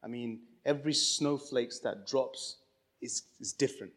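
A man's voice: mid-range voice, measured pace, a bit bright. A man giving a casual church talk, telling stories and encouraging his listeners, with many restarts. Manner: chatty, storytelling, many restarts. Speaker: church speaker. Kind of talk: casual sermon talk with anecdotes. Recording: long hall reverb.

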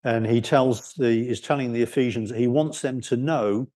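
A man preaching a sermon, explaining scripture in an unhurried way and lifting his voice on key words. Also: medium pitch, mellow. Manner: unhurried expository preaching, rising for emphasis.

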